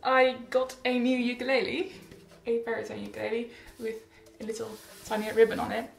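A woman's voice: a little high, little pitch movement, a little fast, gravelly, echoey room, faint music behind. A teenage girl chatting casually in a rambling, bubbly update vlog, often laughing and correcting herself. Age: teens. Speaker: vlogger.

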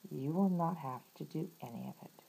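A woman's voice: sits low, normal speed, vocal fry, slight background noise, poor audio. A woman reading as a patient sensible storybook frog. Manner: calm, gently reasoning.

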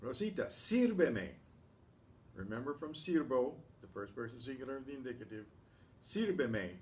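A male Spanish teacher at a slow, patient pace, reading out examples and explaining them one by one. He often pauses to clear his throat. His voice sounds distant, as if the mic is set some way off. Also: medium pitch. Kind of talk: language lesson. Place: classroom or community center room.

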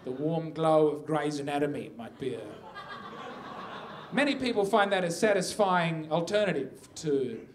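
A young Australian man with a high, bright voice tells stand-up stories in a punchy, sardonic way. He works a live comedy venue, and the recording carries a clear layer of background noise. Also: normal speed.

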